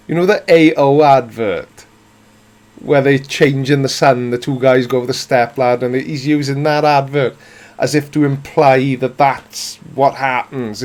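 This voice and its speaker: Medium-pitched with a darkish tone, a Welsh-accented man in his forties from South Wales runs a live stream. As he reads the chat, his answers come out dry, playful and self-mocking.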